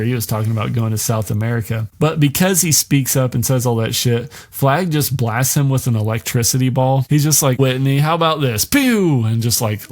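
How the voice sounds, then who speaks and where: Man, podcast host, casual movie recap, rambling, filler-heavy, profane. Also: mid-range voice. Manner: rambling, heavy use of "like", swears freely.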